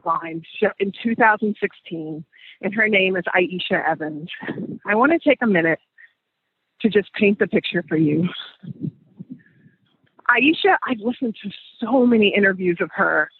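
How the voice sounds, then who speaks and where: A man's voice: sits high, expressive, normal speed, long pauses, breathy edge, no echo. A man hosting a podcast, telling a story in a conversational way and repeating phrases for emphasis. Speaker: podcast host. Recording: dry, phone-like sound.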